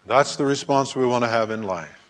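A man preaching a sermon who acts out scripture scenes in lively voices, at times hollering. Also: medium pitch, a little fast. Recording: long hall reverb.

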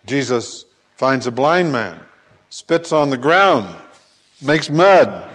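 A man preaching a sermon who acts out scripture scenes in lively voices, at times hollering. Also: fairly high pitch, takes it slowly. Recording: long hall reverb.

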